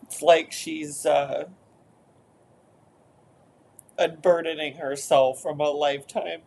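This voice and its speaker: Woman therapist talking thru an inner session, slow, hesitant, lots of fillers, gravelly. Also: low voice, fairly even intonation. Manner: hesitant, soft-spoken, with fillers.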